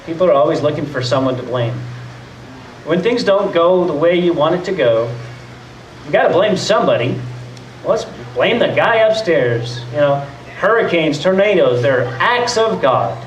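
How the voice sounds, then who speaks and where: An expressive pastor whose voice runs on the high side preaches at a moderate pace, talking conversationally and taking on the voices of doubters. The church hall recording has a roomy echo from a far-off mic, plus a little hiss or hum.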